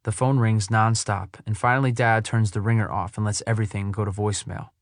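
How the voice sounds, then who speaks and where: A man narrating an audiobook in the first person, with a soothing, even delivery. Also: on the low side, fairly quick, no room sound, studio quality.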